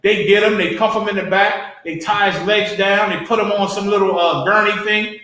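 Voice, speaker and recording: A man's voice: high voice, fairly even intonation, moderate pace, pushed and bright. A man hosting a show, giving fervent, preacher-like commentary over video footage with blunt street slang. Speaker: podcast host. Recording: very echoey room.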